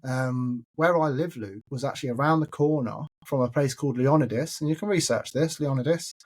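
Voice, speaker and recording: A man's voice: medium pitch, fairly quick, a little mellow, slightly rough. An Englishman hosting a podcast, chattily telling stories and calling his listener mate. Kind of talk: casual storytelling chat.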